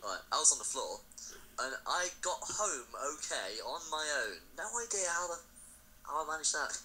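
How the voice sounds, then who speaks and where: A young man, a university student chatting as a podcast guest, telling quick stories and swearing freely. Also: on the high side, expressive, bright, forceful tone, slight background noise, low-quality recording. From England. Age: young adult. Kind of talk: casual chat.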